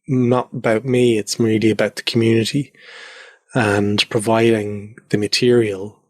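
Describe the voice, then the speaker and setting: This Irish guest on a podcast talks reflectively and casually, with many fillers, from the converted attic of his house. He speaks a little slowly in a lowish voice with little pitch movement, and the sound is dry and clean like a studio.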